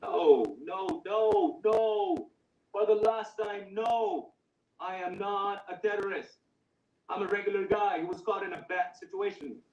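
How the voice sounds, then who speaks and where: A man's voice: sits high, very animated, unhurried, creaky, mellow, muffled recording, slight background noise, full character voice. An actor playing an ordinary man under interrogation who pleads and stammers to defend himself. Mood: insistent. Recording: roomy echo, distant mic.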